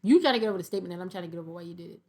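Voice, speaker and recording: A young woman, reading viewer comments aloud in a sassy, animated casual commentary. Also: lowish voice, very fast. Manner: sassy, animated, laughs often.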